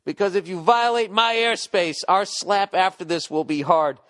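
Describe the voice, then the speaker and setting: A man putting on the voice of a grizzled veteran male cop, blustering in a gruff tough-guy way, pitched well above his own voice and louder. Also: moderate pace.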